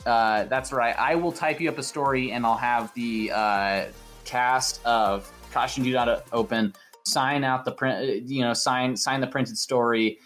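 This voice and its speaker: A man's voice: medium pitch, steady tone, a little slow, fairly bright tone, soft background music. Rambling man hosting a podcast. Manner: rambling, repeats words, spins absurd stories. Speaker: podcast host. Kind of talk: casual podcast banter.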